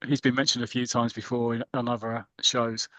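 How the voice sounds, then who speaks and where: A man's voice: medium pitch, a little fast, no room sound, low-quality recording. Male podcast host, storyteller type, dry close-miked read. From England. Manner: animated storytelling, acting out quotes. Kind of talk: casual chat retelling a comic story.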